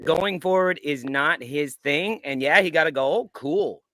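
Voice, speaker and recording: A man's voice: a little high, measured pace, pushed and bright, no echo. A man co-hosting a casual football fan show, loose and laughing, with some swearing. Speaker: co-host.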